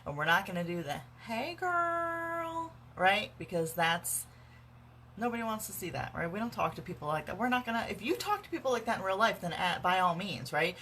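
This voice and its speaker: A woman's voice: on the low side, animated, fast, fairly bright tone, a little hiss or hum. A woman direct sales consultant giving casual how-to advice in a vlog, chatty with lots of fillers and dry, sarcastic humor, recorded on a phone at home. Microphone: phone camera.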